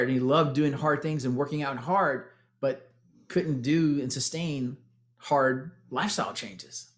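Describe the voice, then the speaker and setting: A man in his forties with a Texan accent, telling his fitness story with energy to an audience he keeps calling "guys". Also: medium pitch. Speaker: former tech executive sharing his testimonial. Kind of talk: motivational testimonial talk.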